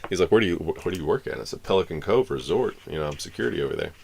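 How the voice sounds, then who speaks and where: A deep, husky voice with vocal fry races along in an animated way as a man from Florida streams live. He rambles casually through a long story, acting out the dialogue of its characters.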